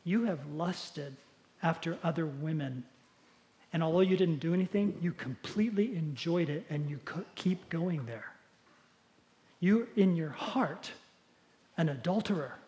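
A man playing a soft-spoken, gentle Jesus. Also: animated, moderate pace, pauses often, echoey room. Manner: soft, low and tender. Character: gentle, calm Jesus speaking softly with love.

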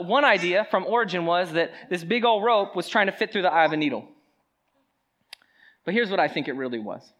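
A preacher delivering a sermon in an easy, talkative way, mixing plain teaching with joking asides. The voice rises and falls a great deal, lively and expressive throughout. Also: mid-range voice. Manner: conversational and animated, with joking asides. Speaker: pastor.

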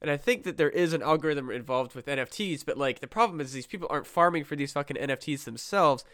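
A man's voice: a little high, fast, fairly bright tone, no echo, studio quality. Swearing, ranting young man. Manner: ranting, heavy swearing, many restarts. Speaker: podcast host. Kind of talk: casual chat.

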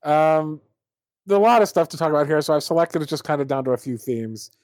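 A man's voice: fairly high pitch, expressive, brisk, a little mellow, no echo. A man hosting a casual political podcast, reading articles aloud and mocking them with sardonic asides. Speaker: podcast host.

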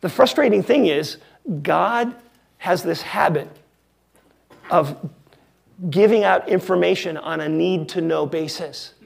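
Gravelly-voiced male pastor preaching. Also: sits high. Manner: wry, conversational, uses emphatic pauses. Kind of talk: sermon.

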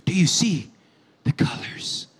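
A man doing a hushed, intense art connoisseur. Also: fairly high pitch, expressive, brisk, pitched below the performer's own voice. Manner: whispering, breathy and intense.

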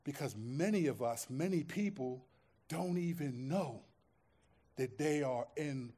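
Slow and expressive, a medium-pitched pastor's voice rises from hushed moments to loud, passionate heights during his sermon, with phrases repeated for emphasis.

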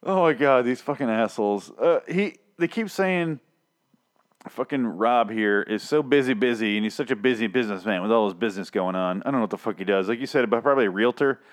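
A man's voice: medium pitch, brisk. A man co-hosting a comedy podcast, ranting in casual banter with profanity and exasperation. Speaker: podcast co-host.

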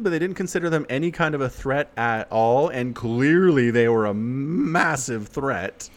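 Animated sarcastic man, podcast co-host. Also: mid-range voice. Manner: animated, sarcastic, quick asides. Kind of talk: casual chat.

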